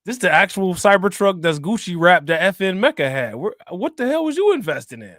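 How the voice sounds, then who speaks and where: A man chats on a livestream, slangy and joking, laughing often. His voice sits a bit high. The sound is dry and close, with no room around it. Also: sing-song, fairly quick, fairly bright tone, no room sound. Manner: joking, laughing, slangy, repeats "you know what I'm saying". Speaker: crypto livestream host. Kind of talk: casual livestream chat.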